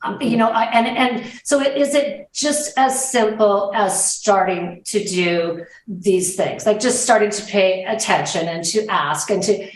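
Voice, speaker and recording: A woman hosting an interview, talking in a reflective, hesitant way with many restarts. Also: mid-range voice. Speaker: host, interviewer. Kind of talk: conversational interview. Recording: echoey room.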